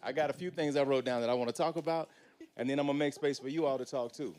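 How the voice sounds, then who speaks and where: A man hosts a live panel with the pumped-up cadence of a church preacher. His voice sits at an ordinary middle pitch, and his slang is loose and friendly. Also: fast. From United States. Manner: energetic, preacher-like hype with casual slang. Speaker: panel host. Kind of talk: live panel introductions and moderating.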